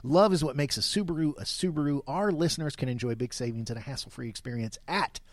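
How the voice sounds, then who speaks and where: A man's voice: mid-range voice, quick pace, dry recording. A middle-aged man co-hosting a local business radio show, joking around and reading a sponsor spot in casual chat. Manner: jokey, throws out eighties trivia. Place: radio studio.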